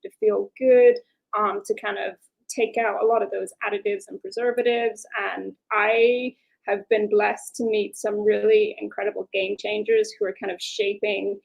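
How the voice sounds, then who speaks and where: A woman's voice: mid-range voice, flat delivery, normal speed, creaky, poor audio. A woman with a Belfast Northern Irish accent, speaking as a talkative guest in an interview and giving long, flowing explanations. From Northern Ireland. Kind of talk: interview conversation.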